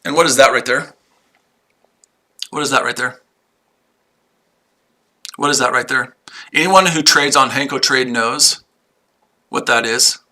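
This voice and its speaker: A male livestream host talks straight to his chat viewers, combative and full of swearing. His voice is very bright and cutting, and he circles back over the same lines again and again. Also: medium pitch, measured pace, long pauses. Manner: combative, profane, repeats himself.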